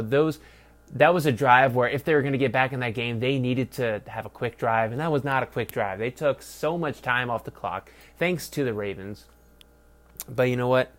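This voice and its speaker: A young man reviews a football game on his own, cursing freely and mocking the announcers. He rambles, gets loud in bursts, then drops to low mutters. His voice sits at an average pitch for a man. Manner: profane, rambling, mocking, swings from loud to mumbled. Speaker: sports podcast host. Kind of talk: casual solo game review rant.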